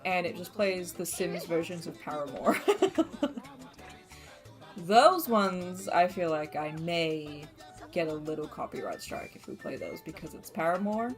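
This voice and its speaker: A young woman with an Australian accent chatting casually while streaming a game, laughing often and filling pauses with ums and likes. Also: lowish voice, expressive, faint music behind. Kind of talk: casual gameplay commentary.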